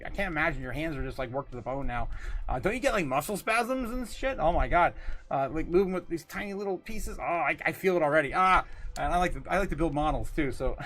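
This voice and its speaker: A man's voice: a little high, a bit bright. A man hosting a casual livestream, rambling loosely, reading viewer comments aloud and laughing often between lines. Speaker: livestream host.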